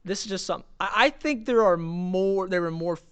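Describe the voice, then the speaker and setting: A man's voice: high-pitched, brisk, clear, resonant tone. A young man co-hosting a podcast, joking and teasing in loose, playful banter. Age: young adult. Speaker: podcast co-host. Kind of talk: casual podcast chat.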